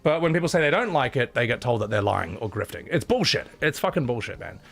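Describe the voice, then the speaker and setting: A man's voice: mid-range voice, big pitch swings, fast talker, creaky, fairly bright tone. A man with a Scottish accent chatting casually on a live stream, blunt and sweary, thanking viewers between rants. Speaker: livestreamer.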